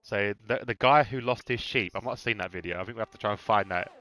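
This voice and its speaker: A man calls a live sim-racing session in a bright, forceful voice. He keeps up a chatty, laughing banter with his co-host between updates. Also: lowish voice, fast. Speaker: race commentator.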